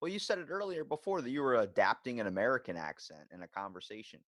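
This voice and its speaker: A man hosting a podcast, chatting casually and telling stories in a teasing, animated way. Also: medium pitch, fast talker, no echo, studio quality. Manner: animated, teasing storyteller, laughs a lot. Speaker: podcast host. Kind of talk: casual chat.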